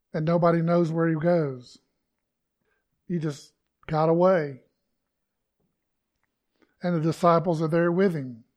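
A man's voice: a little high, a little mellow. A man preaching a conversational sermon to his congregation, acting out quoted lines with emphasis. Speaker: pastor.

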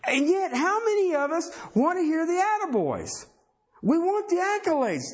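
A man's voice: very high-pitched, sing-song, moderate pace. A man preaching a sermon, talking conversationally and emphatically and firing rhetorical questions at the congregation.

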